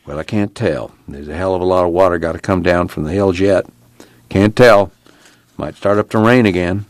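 A man as a tired, steady country father, low-key and drawling. Audiobook reading with a dry close sound. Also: moderate pace, no echo. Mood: weary. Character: weary middle-aged father, slow and steady.

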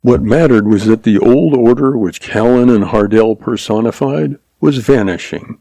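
A man narrating a western story in a measured, dramatic reading. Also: medium pitch, mellow, dry recording, rough recording.

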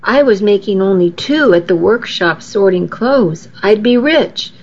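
A woman's voice: medium pitch, animated, unhurried, hardly any pauses, darkish tone. A woman narrating a first-person story in an earnest, storytelling way, on a dull lo-fi recording. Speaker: audiobook narrator.

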